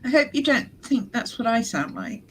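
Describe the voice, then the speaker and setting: A woman's voice: a little high, wildly swooping pitch, moderate pace, noisy background. A woman in casual chat on a video call, trading teasing, laughing banter. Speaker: regular chat participant.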